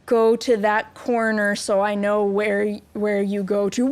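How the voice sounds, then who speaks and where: A young woman VTuber streams a building game, chatting with viewers in a goofy, self-mocking way and giggling often. Her medium-pitched voice is slow, flat and slightly dark, with hardly any pauses.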